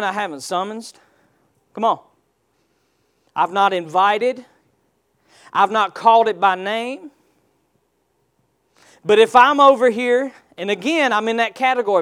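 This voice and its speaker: High-voiced preacher with lilt. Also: male voice, fairly bright tone, clean tone. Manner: call-and-response preaching, rhetorical questions. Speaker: pastor. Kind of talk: sermon.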